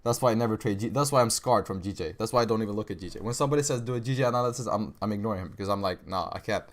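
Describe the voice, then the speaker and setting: A man's voice: on the low side, very fast. A young man hosting a live trading stream, chatting casually with viewers in slangy speech, saying "bro" and "right" a lot. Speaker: livestream trading host. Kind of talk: casual livestream chat reading viewer questions.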